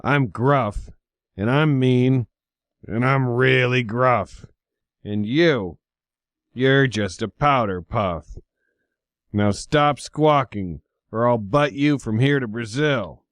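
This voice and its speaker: Man putting on a mean bully goat, jeering and snarly, slow and loud, dry sound. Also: medium pitch, no room sound, lightly acted. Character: bullying male billy goats, tough and mean.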